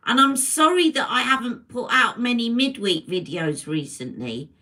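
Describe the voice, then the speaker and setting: A British woman hosts a casual makeup livestream from home, chatting and rambling as she greets viewers. Her fairly high voice is animated, pushed and bright at a moderate pace, captured by a livestream camera mic in low quality.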